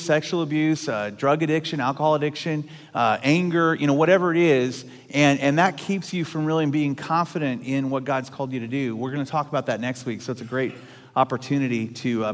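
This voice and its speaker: A middle-aged male pastor preaches in a loose, conversational way, telling stories and restarting his sentences often. His voice sits high for a man. The sound rings with the long reverb of a church sanctuary. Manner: conversational, storytelling with frequent restarts. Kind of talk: sermon.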